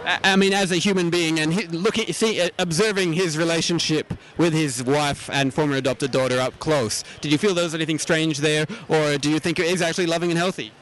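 Hardly pausing, a man with a high-ish, steady, slightly bright voice speaks a little fast on a rough recording. He's an Australian host doing comedic vox-pop interviews around an outdoor convention, asking absurd questions with feigned earnestness.

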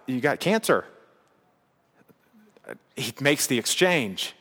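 A man with a fairly high voice preaches in a relaxed, conversational manner, building to emphatic, rising bursts. His voice rings with a long reverb, as in a large church hall. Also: moderate pace. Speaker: pastor. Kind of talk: sermon.

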